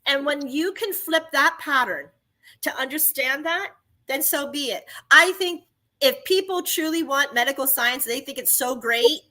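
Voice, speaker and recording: A woman's voice: high-pitched, measured pace, bright, forceful tone. A woman telling her own story in casual chat, emphatic and exclaiming at times.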